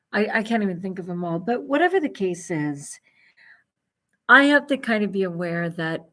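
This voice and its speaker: A middle-aged woman vlogger chatting casually on a livestream, rambling and laughing often. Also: mid-range voice.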